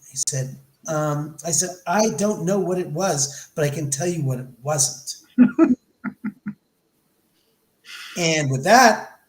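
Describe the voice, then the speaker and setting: Middle-aged male guest, slightly high voice, animated storyteller, echoey room. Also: slow pace, pauses often. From Los Angeles. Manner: animated, acts out quoted dialogue. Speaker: podcast guest. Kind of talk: storytelling in an interview.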